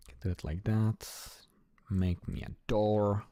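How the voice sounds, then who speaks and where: A man's voice: fairly low pitch, level tone, takes it slowly, mellow, no echo. A man giving casual, chatty commentary while he plays a building game, talking to himself and swearing now and then. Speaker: gameplay streamer.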